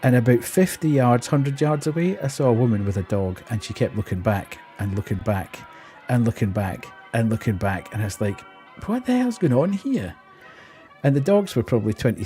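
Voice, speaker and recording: A man's voice: medium pitch, dark tone. A man, streaming and telling an exasperated story in casual chat while laughing often.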